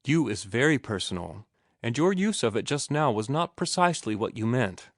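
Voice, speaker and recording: A man's voice: mid-range voice, very animated, moderate pace, no room sound, studio quality. A man voicing a refined young woman who patiently and precisely corrects someone's speech. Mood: correcting.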